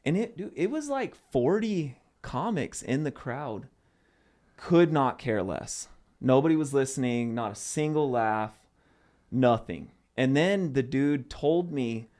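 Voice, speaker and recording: A young man from Arizona chats casually on a podcast as a guest comedian. He tells his stories in an animated way, with loose fillers and restarts, in a voice of ordinary pitch. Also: slow pace.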